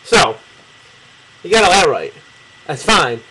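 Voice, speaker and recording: A man's voice: a little high, very animated, takes it slowly, pushed and bright, husky, rough recording. A young man from Michigan rambling casually and profanely while drawing a map for someone, laughing often. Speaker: video replier. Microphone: camera mic close to the face.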